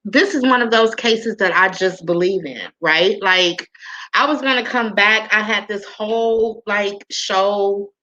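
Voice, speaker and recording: A woman's voice: medium pitch, unhurried, bright, forceful tone, dull audio. Emotional rambling woman host. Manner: rambling, emotional, repeats herself. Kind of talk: casual livestream sign-off.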